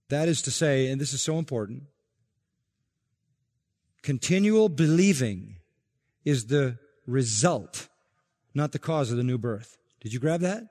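A man's voice: medium pitch, lively intonation, darkish tone. Emphatic male preacher in a reverberant hall. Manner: emphatic, repeats key phrases, slows for stress. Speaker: pastor. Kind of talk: expository sermon.

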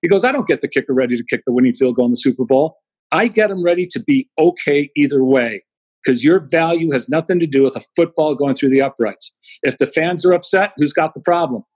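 A middle-aged man, a guest speaker, telling animated anecdotes in an interview and acting out the quotes. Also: on the high side, brisk, husky, no echo, low-quality recording. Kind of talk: storytelling in an interview.

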